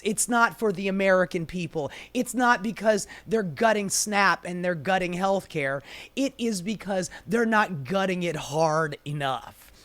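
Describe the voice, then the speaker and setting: A woman's voice: medium pitch, a bit bright. Sarcastic woman ranting about politics. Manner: sarcastic, exasperated, rambling with many fillers. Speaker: political commentary host.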